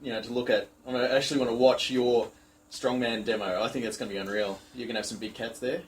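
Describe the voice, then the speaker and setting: A man's voice: medium pitch, fairly even intonation, fast, slight background noise, rough recording. A man hosting a casual podcast chat, joking around and asking questions. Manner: jokey, swears casually, asks questions. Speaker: podcast host, gym owner.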